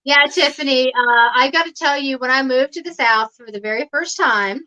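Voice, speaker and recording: Chatty woman guest, high bright voice, laughs a lot; dull lo-fi call audio. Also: moderate pace. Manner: chatty, rambling, laughs often. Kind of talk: casual livestream chat. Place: home.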